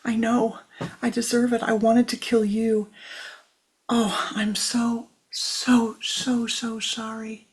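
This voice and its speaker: A woman voicing a male sage sobbing with remorse and pleading, in a higher, louder voice than her own. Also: steady tone, fairly quick, gravelly, hardly any pauses, close to an everyday voice. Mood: remorseful. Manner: pleading, broken, repeating himself.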